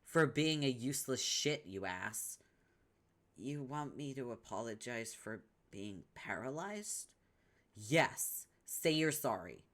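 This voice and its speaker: A cruel, scheming young troll girl, as a man puts her on for a comic read-along. She talks down and scolds without pause, every line a jab. The voice sits at an ordinary middle pitch. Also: very animated, a bit bright. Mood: scolding. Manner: sneering, scolding, domineering.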